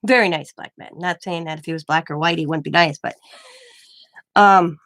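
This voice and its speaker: A woman's voice: lowish voice, normal speed, fairly bright tone. A woman in her forties hosting a craft channel, telling a story in rambling casual chat, full of restarts and cut-off words. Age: 40s.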